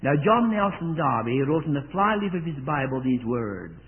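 A man's voice: fairly high pitch, big pitch swings, moderate pace, hardly any pauses, narrow, tinny audio. A man preaching a sermon to a congregation in an earnest way, often asking them questions. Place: church service.

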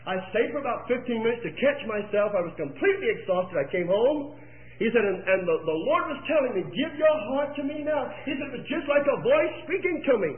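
High-voiced impassioned preacher on old tape. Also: male voice, expressive, a little fast. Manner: impassioned storytelling, rising to near-shouts. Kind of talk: sermon. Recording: echoey, tinny phone-like old tape.

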